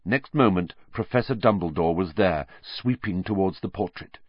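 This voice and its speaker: A man narrating a storybook in an expressive, lively reading, on a dull lo-fi audiobook recording. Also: low voice, normal speed, slightly rough, dry recording.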